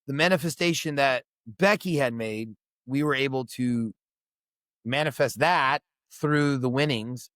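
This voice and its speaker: A man's voice: mid-range voice, measured pace, fairly bright tone, dry recording. A middle-aged man, a veteran who is the guest on a podcast, telling a story in casual chat, swearing freely and acting out the voices of people he quotes.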